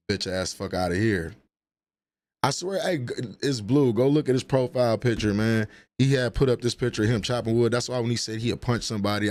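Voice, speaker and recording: Dude on a livestream roasting chat, low voice, aave, profane and laughing. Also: male voice, darkish tone. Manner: trash-talking, laughing, profane banter. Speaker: livestream host.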